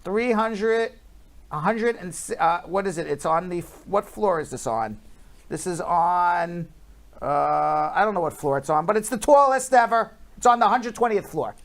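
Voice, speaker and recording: A man's voice: high-pitched, expressive, normal speed, creaky. A man hosting a talk show, reading news headlines in a casual, jokey way and drawling out numbers. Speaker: host.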